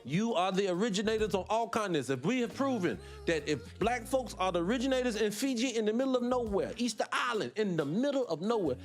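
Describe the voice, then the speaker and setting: A male morning-show host delivers a heated livestream monologue in a high voice. He drifts off on tangents, laughs to himself, then snaps back with question after question for his listeners. Faint music plays in the background. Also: lively intonation, fast, few pauses. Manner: impassioned, fires rhetorical questions at listeners; digresses, laughs between points.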